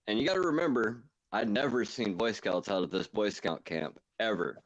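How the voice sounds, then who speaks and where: Low-voiced late-night radio host. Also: male voice, moderate pace, no room sound, lo-fi sound. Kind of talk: late-night call-in chat.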